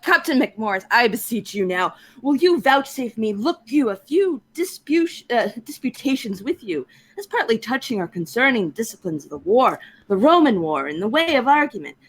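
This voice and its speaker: A long-winded, pedantic army captain, read by a woman who trips now and then over archaic words. The voice is fairly high and very lively in its pitch, heard over a voice call. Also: moderate pace, husky. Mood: earnest.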